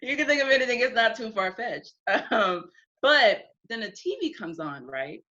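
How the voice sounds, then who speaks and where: A woman's voice: fairly high pitch, animated, normal speed, bright, forceful tone, highs cut off. A young woman from the United States, a guest in an interview, telling candid stories frankly, laughing often and acting out what people said. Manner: frank, laughs often, acts out quoted speech.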